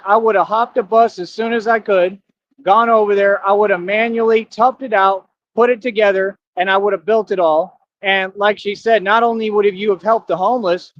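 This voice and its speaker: High-voiced man ranting on a stream. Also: a bit bright, muffled recording. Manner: combative, preachy, repeats rhetorical questions. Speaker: live streamer. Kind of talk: livestream rant reading comments.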